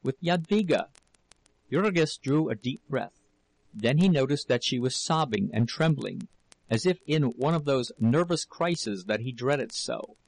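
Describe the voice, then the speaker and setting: A male audiobook narrator with a gravelly, mid-pitched voice. He tells the story at a steady, measured pace, and the recording is close and dry with no room sound. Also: no room sound, rough recording. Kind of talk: audiobook reading.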